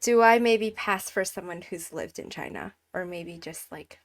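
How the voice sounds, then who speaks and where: A woman co-hosting a podcast, chatting casually and reacting with gasps and quick comments. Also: lowish voice. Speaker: podcast co-host. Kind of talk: casual chat.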